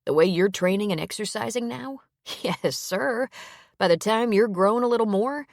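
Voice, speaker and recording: A woman voicing Owen, a quiet and gentle grown man, in an audiobook, speaking softly and reassuringly. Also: moderate pace, creaky, no room sound, studio quality, lightly acted. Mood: warm. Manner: soft, reassuring, low-key. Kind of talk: audiobook character reading.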